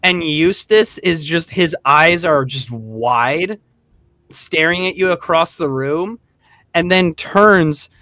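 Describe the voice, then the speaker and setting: Dungeon master, male, chatty animated narration, dry close sound. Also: fairly high pitch, takes it slowly, dry recording. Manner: casual, animated storytelling with many fillers. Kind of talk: narrating a tabletop game.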